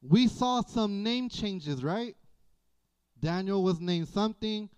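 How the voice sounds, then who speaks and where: Slow, folksy preacher. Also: male voice, high voice, smooth. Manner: folksy, animated preaching with playful asides. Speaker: pastor. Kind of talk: sermon. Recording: dull lo-fi church audio.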